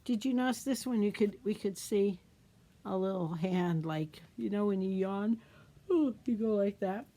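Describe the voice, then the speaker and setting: A middle-aged woman, a children's librarian, guides a storytime craft activity at a moderate pace and medium pitch. She speaks to the kids in a gentle, sing-song, teacherly tone and poses questions to them.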